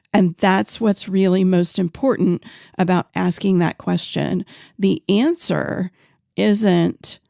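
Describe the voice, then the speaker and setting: A woman hosting a parenting podcast, talking on her own in an earnest, unhurried way with some fillers and restarts. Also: mid-range voice, gravelly, a little mellow, no echo, clean studio sound. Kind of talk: solo podcast talk.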